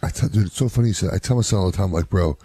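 A father and youth softball coach chatting casually, loud and animated, acting out quotes. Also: sits low, racing, husky, dry recording. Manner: animated storytelling, acts out quotes. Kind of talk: casual chat.

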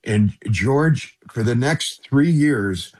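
A man's voice: medium pitch, lively intonation, slow pace, a little mellow. A middle-aged man, a guest on a radio interview, earnestly telling a personal story and often addressing the host by name.

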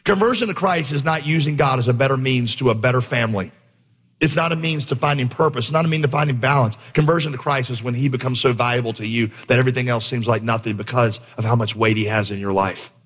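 A man preaching a sermon, telling a story with lively acted-out dialogue before turning to the message. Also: mid-range voice, fast, breathy edge. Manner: animated storyteller, acts out dialogue. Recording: long hall reverb.

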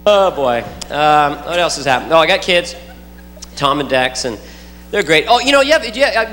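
A man's voice: fairly high pitch, sing-song, moderate pace, slight background noise. A man doing a rambling stand-up routine on stage, talking to the audience and making silly sound effects. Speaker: stand-up comedian. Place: large venue with loud audience. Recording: echoey live hall recording, loud crowd.

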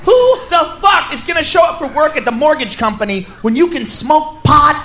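A man doing a loud, profane stand-up comedy set, often shouting and laughing. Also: extremely high pitch, lively intonation, moderate pace. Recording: live club recording with crowd noise. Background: audience noise.

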